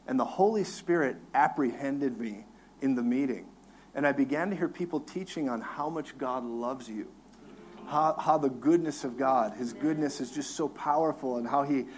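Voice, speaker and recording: A man who is a minister, telling his own story on a talk show, lively and laughing, acting out his crying with big swings in voice. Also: medium pitch, a little hiss or hum.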